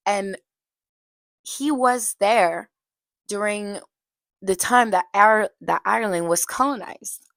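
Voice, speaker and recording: A woman's voice: medium pitch, slow pace, long pauses, bright, forceful tone, dry recording. A young woman giving a casual, chatty film review, full of "like" fillers. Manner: chatty, heavy use of "like" fillers, occasional laughs. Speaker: movie reviewer.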